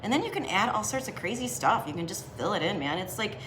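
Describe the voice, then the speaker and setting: A woman's voice: medium pitch, sing-song, fast, a bit bright, reverberant, a little hiss or hum. A woman giving a casual drawing lesson as she sketches. She talks in a chatty, slangy way and laughs often. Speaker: drawing teacher.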